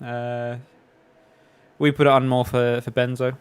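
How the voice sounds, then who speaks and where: An English man talking casually during a game stream, wandering from story to story. He fills pauses with frequent "uh"s and restarts, keeping a loose, chatty flow. His pitch sits in an ordinary middle range. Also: little pitch movement, clear, resonant tone. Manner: rambling, anecdotal, many fillers. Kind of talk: casual chat while gaming.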